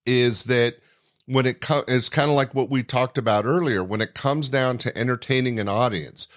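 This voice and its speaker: A man hosting a podcast, reflecting on what the guest said in a measured, thinking-aloud way. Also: medium pitch, a bit bright. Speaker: podcast host. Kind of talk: conversational interview commentary.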